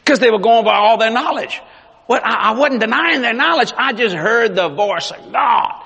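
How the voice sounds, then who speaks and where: A man preaching a sermon as pastor, animated, swinging between loud and hushed. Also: very high-pitched, moderate pace, gravelly, slightly rough, highs cut off. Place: large church hall. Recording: long reverb of a large hall.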